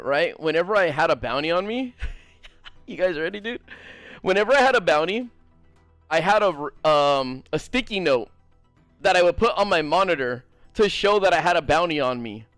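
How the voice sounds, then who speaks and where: A male gaming streamer with a high voice tells a rambling story in a loose, profane way, often stopping to talk to his viewers. His voice sounds close and dry, with faint music in the background. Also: no room sound. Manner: animated, profane, fast-rambling. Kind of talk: casual storytelling stream chat.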